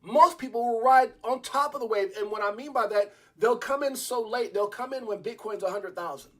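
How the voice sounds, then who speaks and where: A middle-aged man hosting a casual crypto livestream, talking in an excitable, repetitive storytelling way. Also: very high-pitched, fairly quick.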